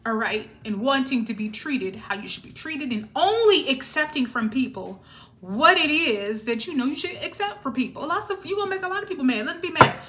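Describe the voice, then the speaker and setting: Speaking a little fast in a high, expressive, slightly bright voice, a woman gives her viewers a spiritual tarot reading. Her manner is sassy and emphatic, peppered with "all right?" check-ins. Slight background noise is present.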